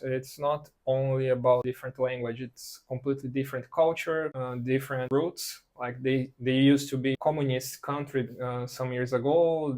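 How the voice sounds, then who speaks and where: A Brazilian man answers questions in accented English at a middle pitch. He laughs often and pauses on fillers, easygoing and chatty. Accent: Brazilian Portuguese. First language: Portuguese. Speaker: interviewee. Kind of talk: casual chat.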